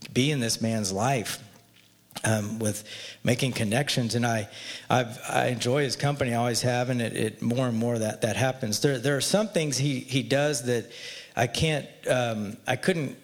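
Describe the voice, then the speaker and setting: Relaxed and conversational, an earnest man recounts his personal faith story at normal speed. His pitch is ordinary and middle-range, and the audio carries a long reverb as though recorded in a large hall.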